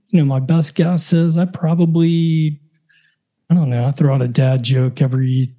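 A man's voice: medium pitch, warm tone. A middle-aged man and father hosting his own podcast, talking casually in a self-deprecating, joking, rambling way from his home setup. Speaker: podcast host. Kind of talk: casual solo podcast talk.

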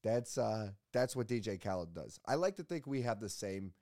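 Rambling, self-mocking podcast host, dry sound. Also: male voice, fairly low pitch, expressive, normal speed, dark tone, no echo. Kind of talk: casual podcast chat.

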